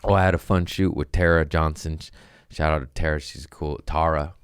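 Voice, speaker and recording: A man's voice: very deep voice, steady tone, fairly quick, clean tone, dry recording, studio quality. A male comedian hosting a podcast, telling stories in a loose, profane, casual way and acting out the lines of the people in them. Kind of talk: casual storytelling monologue.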